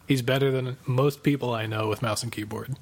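Man, medium pitch, casual podcast co-host, easygoing. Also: steady tone, brisk. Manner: easygoing, lots of agreeing murmurs. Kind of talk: casual chat.

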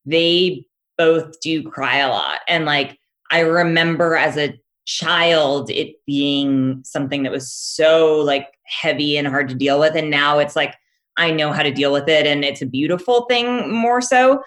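Low-voiced woman from Los Angeles, rambling. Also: unhurried, fairly bright tone. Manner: rambling, full of hesitations and "like". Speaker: podcast guest, writer-producer. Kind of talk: casual chat.

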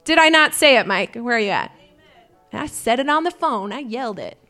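A woman's voice: fairly high pitch, lively intonation, normal speed, pushed and bright, soft background music. A woman pastor preaching a sermon to her congregation, candid and impassioned, rising into fervent prayer.

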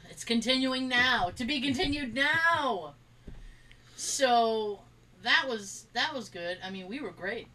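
A woman's voice: a little high, lively intonation, takes it slowly, bright, forceful tone, far from the mic, a little hiss or hum, rough recording. A woman co-hosting a podcast, telling rambling stories in casual chat and acting out the quotes. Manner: rambling storyteller, acts out quotes, laughs often. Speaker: podcast co-host.

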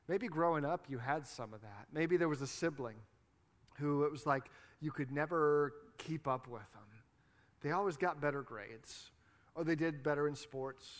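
Midwestern guy preaching, chatty and joking, voice a bit high. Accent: Midwestern American. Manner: conversational, playful asides. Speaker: pastor. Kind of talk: sermon.

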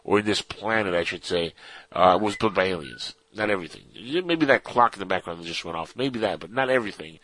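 A man's voice: sits low, a little fast, a bit bright, no echo, poor audio. Rambling, jokey male radio co-host. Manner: rambling, jokey, reads listener questions. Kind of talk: casual radio chat.

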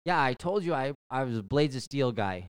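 A man co-hosting a casual sports podcast, bantering in a relaxed way on a close mic. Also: mid-range voice, brisk, smooth, no echo. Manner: relaxed banter, rising to an energetic sign-off. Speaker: podcast co-host.

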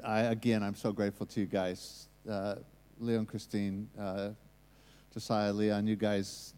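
A man's voice: mid-range voice, warm tone. An American man preaching a sermon and leading prayer, earnest and rising to emphatic points. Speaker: guest preacher. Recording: long hall reverb.

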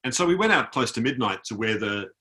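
A man's voice: medium pitch, sing-song, fast talker, bright, forceful tone. An Australian man, an author, telling an anecdote on a video call and mimicking the people he met. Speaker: author guest. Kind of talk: storytelling in a conversation.

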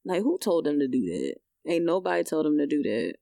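A woman's voice: low-pitched, very animated, fairly quick, creaky, mellow, dry recording. A woman co-hosting a podcast, talking bluntly and casually and swearing freely. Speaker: podcast co-host. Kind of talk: casual chat.

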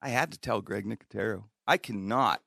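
A man's voice: on the low side, a little fast, creaky, no echo, studio quality. A middle-aged man telling a long anecdote in a casual podcast chat, acting out the quotes and laughing as he goes. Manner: animated storyteller, acts out quotes, laughs often. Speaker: guest storyteller.

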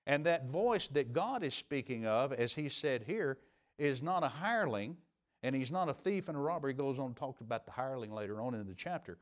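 A middle-aged man preaching as pastor in a church, building to emphatic peaks and dropping to quiet, confiding asides. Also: medium pitch, expressive, brisk. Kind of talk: sermon. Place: church sanctuary.

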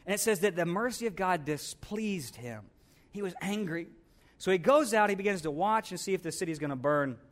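A man preaching a sermon, acting out a complaining Jonah in dramatic bursts and swinging between loud outcries and hushed asides. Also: sits high, expressive, fairly quick. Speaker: pastor.

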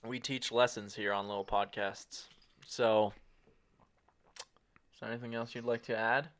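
Smooth-voiced young man on a podcast. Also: medium pitch, flat delivery, measured pace, a bit bright. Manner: swearing, laughing, acting out quotes. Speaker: podcast co-host. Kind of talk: casual podcast chat.

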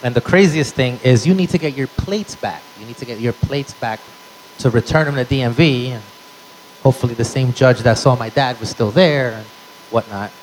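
A man's voice: medium pitch, moderate pace, slight background noise, low-quality recording. A man telling a stand-up story in a brash, profane way, tossing in Spanish phrases. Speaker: stand-up comedian.

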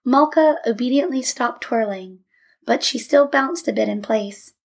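A woman reading a story aloud in a measured, steady narration. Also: fairly high pitch, gravelly. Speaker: audiobook narrator.

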